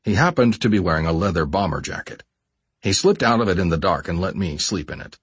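Husky, lively male memoir narrator. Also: low voice, no room sound. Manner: measured, expressive storytelling. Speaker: audiobook narrator. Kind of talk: first-person memoir audiobook narration.

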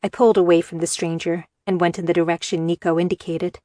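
A woman reads first-person fiction aloud in a measured, steady way. Her voice sits on the lower side, and the recording is close and dry, with no room echo. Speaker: audiobook narrator. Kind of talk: scripted first-person narration.

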